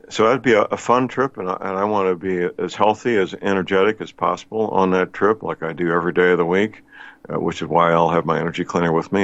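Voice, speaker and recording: Older male radio host, low gravelly voice, dry close sound, folksy rambler. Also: a bit bright, dry recording, lo-fi sound. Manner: folksy, rambling with many fillers. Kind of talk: radio talk show chat.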